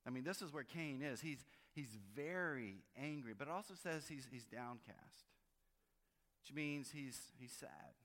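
A man preaching a sermon in a relaxed, conversational way, often restarting his phrases. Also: mid-range voice, measured pace. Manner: conversational, with frequent restarts and varied emphasis. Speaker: pastor. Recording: long hall reverb.

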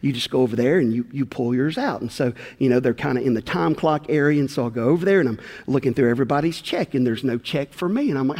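A man's voice: mid-range voice, fast talker, few pauses. A middle-aged man preaching a sermon, telling folksy personal stories and acting out the dialogue. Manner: animated, folksy storytelling with acted-out dialogue. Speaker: pastor. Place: church sanctuary. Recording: long hall reverb.

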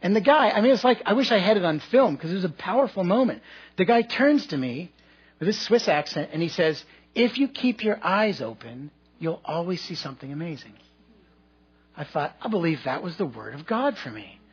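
Husky-voiced pastor telling a funny story. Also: male voice, sits high, very animated, brisk, lo-fi sound. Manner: conversational and humorous, with asides to the congregation. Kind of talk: sermon with personal storytelling.

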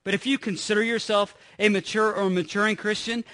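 A middle-aged man preaches a sermon to his congregation in a church, and his voice sits noticeably high. He keeps it conversational, telling a family story and tossing rhetorical questions to the pews. The tone is bright and forward. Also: steady tone, fairly quick, hardly any pauses. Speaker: pastor. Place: church sanctuary.

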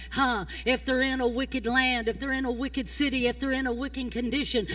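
An older woman pastor, preaching a fiery sermon. She swings between shouting and hushed tones in a folksy way. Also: fairly high pitch, fairly even intonation, fairly quick, recorded from a distance. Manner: folksy, repeats "come on". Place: church.

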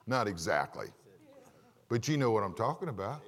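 A male pastor giving an animated sermon in church, asking the congregation questions and acting out stories. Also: low-pitched, fairly quick, slightly rough. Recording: long reverb of a large hall.

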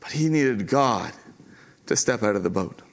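A man preaching a sermon to his church as pastor, earnest and emphatic, repeating key lines with dramatic pauses. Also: on the low side, lively intonation, creaky.

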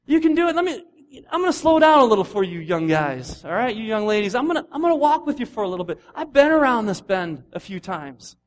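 A man voicing a cheerful elderly man who loudly encourages younger runners, upbeat and coaxing. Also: sits high, very animated, fast. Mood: encouraging.

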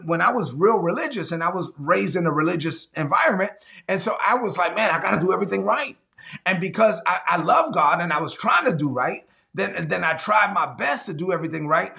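A man's voice: high voice, creaky, sharp tone. A man preaching a sermon, earnest and confessional, often repeating and restarting his phrases.

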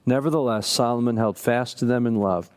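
A man's voice: mid-range voice, a little fast. A man teaching a Bible study, reading scripture aloud at length and then adding emphatic comments of his own. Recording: long reverb of a large hall.

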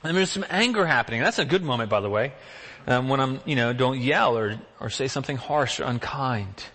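A man's voice: mid-range voice, expressive, fairly quick, a bit bright, big-room sound. A man preaching a sermon as pastor, talking in a conversational way and asking the congregation many rhetorical questions.

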